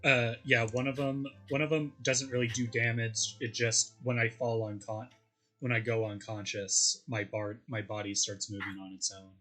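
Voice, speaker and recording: A man playing a tabletop game, hesitant and filling pauses as he explains. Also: mid-range voice, level tone, bright, forceful tone, faint music behind. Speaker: player. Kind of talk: casual chat.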